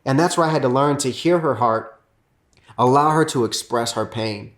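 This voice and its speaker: Earnest man teaching on marriage. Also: normal speed. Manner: earnest, acts out quoted arguments with rising pitch. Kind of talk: teaching on marriage with his wife.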